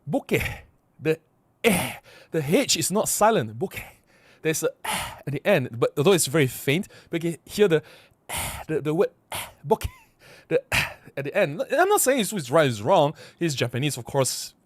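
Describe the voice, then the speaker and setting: A man's voice: fairly high pitch, normal speed, no echo. A man vlogging casually to camera, rambling and repeating himself as he explains. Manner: rambling, repeats words, animated.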